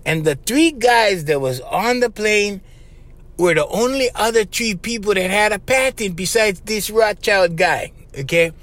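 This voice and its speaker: Lively high-voiced man riffing. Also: unhurried, no echo. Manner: animated and conspiratorial, tags lines with "bro" and "right?". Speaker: podcast host. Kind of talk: casual rambling monologue.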